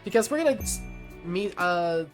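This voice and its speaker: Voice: medium pitch, lively intonation, normal speed, faint music behind. A let's-play host reading a visual novel aloud and chatting about it in a rambling way with lots of fillers and restarts.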